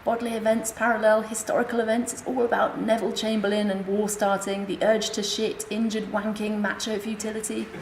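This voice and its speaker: Wry deadpan woman in echoey room. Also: medium pitch, fairly quick, few pauses. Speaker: conference speaker. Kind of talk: reading a comic illustrated memoir aloud. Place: hospital conference room. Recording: echoey lecture room, faint hiss.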